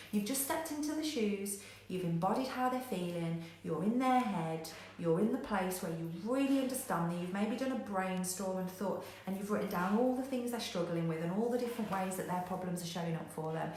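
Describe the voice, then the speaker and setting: A woman's voice: mid-range voice, slight background noise. Forthright woman coach in an echoey room. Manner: energetic and direct, acts out panicked quotes, swears casually. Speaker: business coach. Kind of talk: motivational talk to camera.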